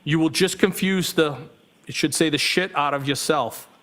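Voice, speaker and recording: A male witness in a courtroom, reading text messages aloud in a flat, measured way with small self-corrections. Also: a little high.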